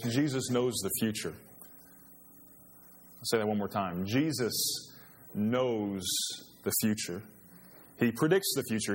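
A man's voice: on the low side, slight background noise. A man preaching a sermon as pastor, earnest and growing emphatic in a church. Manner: earnest, rising to emphatic when quoting scripture. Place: church sanctuary. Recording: long reverb of a church hall.

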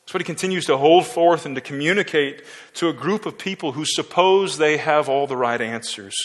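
A man's voice: on the high side, a little fast, hardly any pauses. Preaching man in a reverberant hall. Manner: expository preaching, rising to forceful emphasis. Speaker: pastor. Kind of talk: sermon.

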